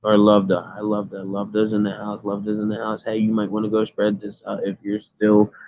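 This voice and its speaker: Guy going live off his phone, low flat voice, tinny phone sound, rambles on all earnest. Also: brisk. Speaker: livestream host. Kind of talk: casual livestream, reading chat aloud.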